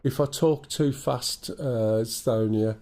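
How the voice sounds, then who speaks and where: A man's voice: mid-range voice, slow, mellow. A man with an English accent and a stuffy nose from a cold, chatting through a live flight-sim stream, thinking aloud and greeting viewers. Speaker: game streamer.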